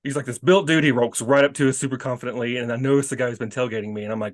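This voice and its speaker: A man co-hosting a podcast, telling a lively anecdote in a casual, animated way with frequent restarts and laughs. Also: mid-range voice, racing, no room sound, studio quality. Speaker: podcast co-host. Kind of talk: casual storytelling.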